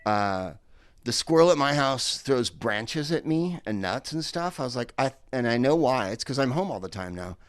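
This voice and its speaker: A man's voice: mid-range voice, lively intonation, normal speed, clear, resonant tone, dry recording, studio quality. A stand-up comedian from San Francisco performing a set from home over a video call with an earpiece headset. He rambles and digresses with many fillers and restarts.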